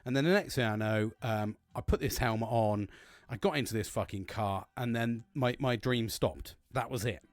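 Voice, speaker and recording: This podcast host speaks at a normal speed in a medium-pitched voice, with no echo on the recording. He tells a long story in an animated, casual way, rambling, restarting, and cursing heavily throughout.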